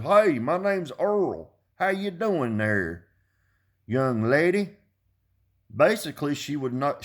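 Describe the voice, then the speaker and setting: Blunt, ranting man in his fifties. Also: on the low side. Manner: blunt, profane, repeats himself when heated. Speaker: car audio vlogger. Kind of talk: casual rant to camera.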